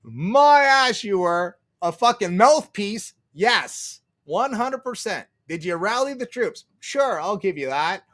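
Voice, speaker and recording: A man's voice: high-pitched, expressive, unhurried, few pauses, a bit bright. A man ranting on a livestream, profane and sarcastic, laughing often and answering his chat. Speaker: streamer.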